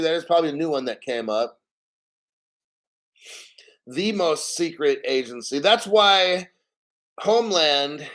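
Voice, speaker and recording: A crypto channel host, a man with a somewhat high, slightly bright voice, runs a livestream. He rambles casually and conspiratorially while reading viewer comments from the chat aloud.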